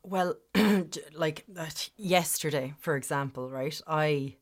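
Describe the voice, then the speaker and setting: A woman talking candidly as a podcast guest, chatty and full of restarts, sometimes clearing her throat. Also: low-pitched, unhurried. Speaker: podcast guest, business founder. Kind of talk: candid conversational interview.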